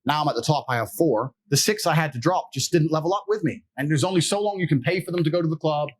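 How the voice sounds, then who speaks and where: This man talks fast in a slightly high voice, spinning casual stories as a guest on a podcast interview. His style is animated, crude, blunt and bragging, and he breaks into laughter partway through his tales.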